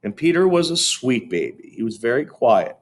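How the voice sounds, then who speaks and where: A man voicing a patient, gentle mother of two boys in a read-aloud children's storybook, speaking in a soothing, reasonable way. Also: mid-range voice, big pitch swings, normal speed. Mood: calm, coaxing.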